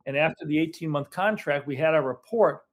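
Rambling storyteller man, slightly high voice. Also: a little fast. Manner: rambling, self-correcting storyteller. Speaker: business owner guest. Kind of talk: casual storytelling interview.

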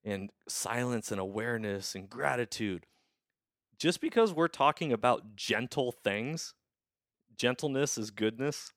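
A man's voice: mid-range voice, expressive, measured pace, fairly bright tone, no echo, studio quality. A man hosting a podcast conversation over a video call, talking in a reflective, emphatic way and often restarting his sentences. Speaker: podcast host. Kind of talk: casual conversation.

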